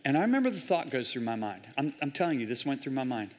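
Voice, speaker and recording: A man preaching a sermon, telling a story with intense drama and sudden loud bursts. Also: medium pitch, sing-song, quick pace, few pauses. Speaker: guest preacher. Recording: hall reverb in a large church.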